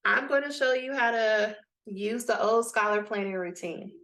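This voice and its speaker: A woman coaching a group of students, talking to them in a lively, blunt and direct way. Her pitch sits in an ordinary middle range. The sound comes through a video call. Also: normal speed. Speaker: dissertation coach. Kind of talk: live coaching session.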